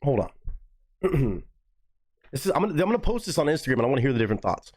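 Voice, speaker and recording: Animated man streaming live. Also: fast talker, husky. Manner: animated and swearing, with loud high-pitched mocking asides. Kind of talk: live stream, reacting to chat comments.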